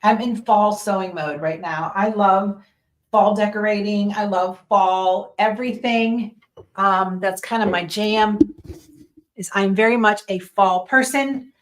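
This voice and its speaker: A woman's voice: medium pitch, unhurried. A woman who teaches sewing, explaining each step in a casual tutorial at her machine and checking in with "right?" and "okay?". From Western Pennsylvania. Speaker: sewing instructor.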